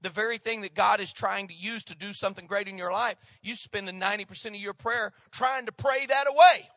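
A male pastor preaching a sermon, swinging between loud emphatic lines and hushed asides. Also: sits high, fairly quick, dry recording, clean studio sound.

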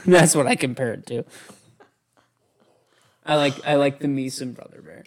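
A podcast host in casual chat, unhurried and self-mocking. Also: mid-range voice.

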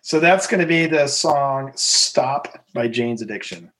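A man's voice: medium pitch, expressive, a little slow, background noise. A man competing in a music quiz, easygoing and laughing often. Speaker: quiz contestant. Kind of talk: casual banter.

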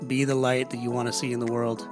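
A man with young kids hosting his own podcast, talking earnestly and haltingly with many restarts, sounding low and weary. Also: flat delivery, music in the background. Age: young adult to middle-aged, a father. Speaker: podcast host. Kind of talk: personal solo podcast talk.

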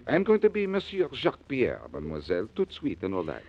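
An actor playing a cocky, wisecracking detective in a 1940s radio drama, trading quick sarcastic quips. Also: male voice, medium pitch, huge pitch swings, a little hiss or hum. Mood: wry. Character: wisecracking reformed-thief detective, cool and cocky. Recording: dull old radio broadcast.

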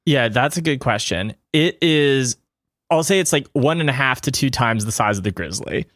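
A man's voice: medium pitch, lively intonation, normal speed, a bit bright, no room sound. Guy gm describing the scene, lots of "i think" and "kind of", dry close sound. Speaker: game master. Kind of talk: narrating a tabletop game.

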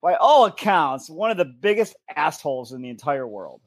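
A man's voice: fairly high pitch, sing-song, moderate pace. A man co-hosting a podcast, chatting in an easygoing, somewhat hesitant way. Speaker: podcast co-host. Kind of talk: casual chat.

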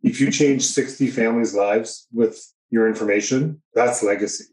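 A man's voice: mid-range voice, normal speed, darkish tone, echoey room, low-quality recording. A man with a New Hampshire accent, a guest photographer on a podcast, easygoing and hesitant with many ums. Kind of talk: casual podcast interview.

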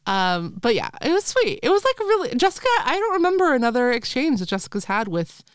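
A woman's voice: on the high side, sing-song, fast, clean tone, dry recording, clean studio sound. A woman co-hosting a podcast, chatting casually about a book, laughing often and acting out quotes. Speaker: podcast co-host.

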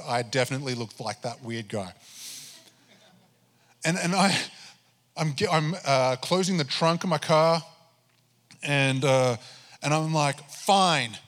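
A man's voice: a little high, a bit bright, in a large hall. A pastor preaching a sermon, telling his own story with animation and acting out his prayers to God. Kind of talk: sermon testimony.

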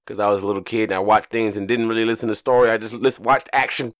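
A man hosting a casual podcast, talking loosely and profanely, telling stories and jumping into high joking voices, while getting over a stomach flu. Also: quick pace, hardly any pauses, dry recording, clean studio sound. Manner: loose, profane, animated storytelling with sudden high jokey voices. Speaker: podcast host. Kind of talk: casual solo podcast monologue.

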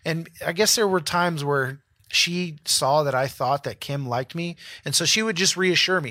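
A man's voice: a little high, normal speed, dry recording. A man in his thirties, a pastor co-hosting a podcast, telling a personal story in casual chat and acting out what people said. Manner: animated storyteller acting out quotes.

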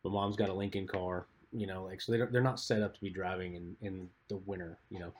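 A man co-hosting a podcast, telling stories in a laid-back, rambling way and trailing off quietly at the ends of phrases. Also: low-pitched, steady tone, fast, slight background noise. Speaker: podcast co-host. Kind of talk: casual chat.

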